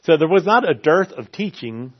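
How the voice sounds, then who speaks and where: A man's voice: a little high, animated, moderate pace, slightly rough. A man preaching a sermon in an earnest way, often repeating his key phrases for emphasis. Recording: slightly dull lo-fi sound.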